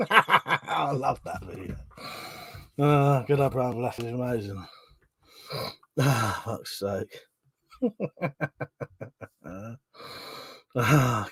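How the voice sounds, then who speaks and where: A man's voice: mid-range voice, pushed and bright, husky, dry recording. A man from England, hosting a casual livestream, reading out viewer comments, laughing often and swearing casually. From southern England. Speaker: livestream host.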